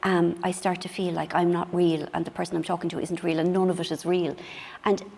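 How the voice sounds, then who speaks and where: A woman's voice: fairly low pitch, flat delivery, a little fast, vocal fry, a little mellow, breathy edge, in a large hall. A middle-aged woman, a guest on a book show, chatting candidly and self-mockingly, acting out little scenes in quoted voices. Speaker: author guest.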